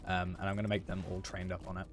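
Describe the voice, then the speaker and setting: A young man streaming a game, chatting casually in a rambling way full of fillers and restarts, a bit hoarse. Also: low voice, level tone, fast. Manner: rambling, filler-heavy, self-correcting. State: hoarse after losing his voice. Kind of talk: casual chat while gaming.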